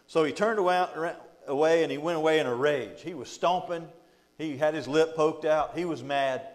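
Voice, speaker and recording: A man's voice: a little high, moderate pace. A man teaching a Bible study as pastor, reading scripture aloud and retelling it in a folksy, joking way, often laughing between points. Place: church. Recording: long hall reverb.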